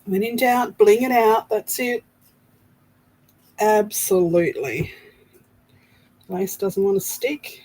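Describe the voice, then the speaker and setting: A woman's voice: mid-range voice, takes it slowly, long pauses, a little mellow, rough recording. A woman hosting a casual crafting livestream, chatting and greeting viewers by name as she works.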